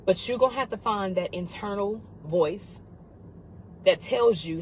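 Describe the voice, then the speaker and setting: A woman's voice: mid-range voice, a little slow, a little hiss or hum, poor audio. A woman giving a heartfelt motivational talk on grief, earnest and urgent, repeating key phrases for emphasis. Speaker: grief support speaker.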